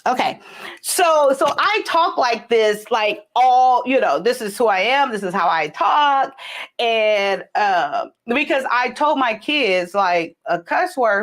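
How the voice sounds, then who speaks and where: Animated, rambling woman livestream host. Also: a little high, unhurried. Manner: rambling, animated, reads and answers comments. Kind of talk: casual live chat with viewers. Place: home, in California.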